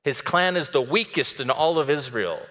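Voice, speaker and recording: Bright-voiced pastor, church reverb. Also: male voice, a little high, moderate pace. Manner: animated storytelling that acts out the characters. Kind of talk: sermon. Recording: long reverb of a church hall.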